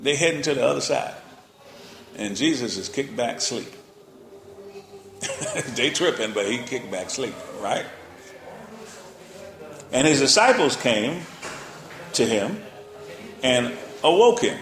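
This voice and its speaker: Brief: male pastor, casual playful sermon, unhurried. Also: medium pitch, sing-song. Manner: colloquial, playful, checks in with the listeners. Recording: roomy echo.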